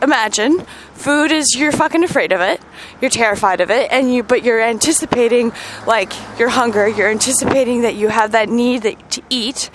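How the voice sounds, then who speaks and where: A woman hosting a podcast, talking candidly in a personal monologue, emotional and profane, swinging between loud outbursts and quiet murmurs. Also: on the high side, a little hiss or hum. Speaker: podcast host.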